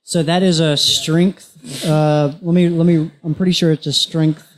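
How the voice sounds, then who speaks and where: Male tabletop player, a bit high-pitched, deliberate, checks the rules. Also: little pitch movement. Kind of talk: casual game chat.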